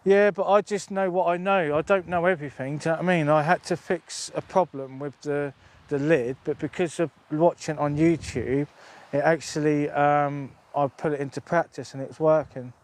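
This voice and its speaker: A man's voice: a little high, fairly even intonation, moderate pace, few pauses. A middle-aged man chatting casually on a live stream outdoors on open moorland, rambling and swearing freely into a phone held at arm's length. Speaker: outdoor vlogger.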